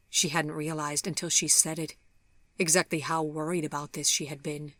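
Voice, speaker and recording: A woman narrating a storybook in a measured, softly dramatic way, sometimes dropping to a whisper. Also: low voice, little pitch movement, no echo. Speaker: audiobook narrator.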